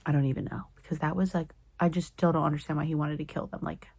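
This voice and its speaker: A fast-talking young woman with a low, darkish, slightly rough voice and fairly even intonation offers casual commentary as a book vlogger, with no echo. She reads, reacts emotionally and loosely retells the plot, often lowering to a whisper.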